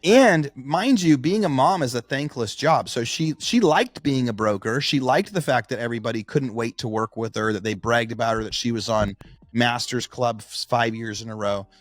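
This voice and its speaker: A man's voice: mid-range voice, moderate pace, no room sound. A middle-aged man co-hosting a podcast, chatting casually and telling anecdotes with acted-out quotes. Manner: storytelling, acts out quoted voices. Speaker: podcast co-host. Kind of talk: casual chat.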